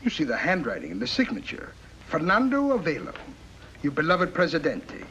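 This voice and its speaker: An actor playing a scheming, sneering foreign diplomat in a 1950s TV drama, on a faintly hissy old soundtrack. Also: male voice, a little high, sing-song, brisk, a bit bright, lo-fi sound. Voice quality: sneering, accusatory.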